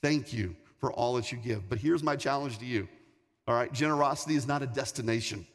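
In a large church hall, a male pastor preaches briskly in a conversational, repetitive, storytelling style. His voice is mid-range, and the recording carries long hall reverb and faint music.

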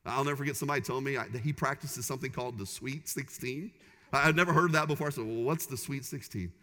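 A man's voice: mid-range voice, fast talker, sharp tone. A man preaching a sermon as pastor, conversational and humorous with punchy repeated phrases. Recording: long hall reverb.

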